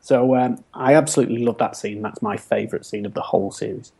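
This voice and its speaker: A man's voice: on the low side, fast talker, gravelly, a little mellow, husky. A man chatting enthusiastically on a podcast panel. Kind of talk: casual podcast chat.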